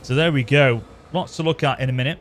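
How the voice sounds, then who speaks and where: Chatty gaming commentator. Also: male voice, mid-range voice, fast, slight background noise. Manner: chatty, rambling, self-correcting. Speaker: gaming channel host. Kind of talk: casual let's-play commentary.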